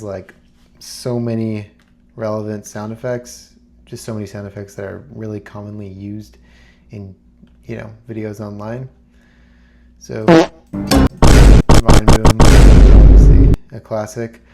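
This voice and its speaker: A man talking casually to camera as a YouTuber, rambling and relaxed with plenty of fillers. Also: on the low side, moderate pace, noisy background. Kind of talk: casual screen-recorded talk.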